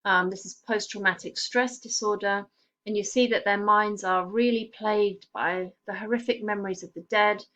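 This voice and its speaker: A woman teaching a poetry lesson, explaining the text in a measured way and stressing key words. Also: mid-range voice, fairly even intonation, fairly bright tone.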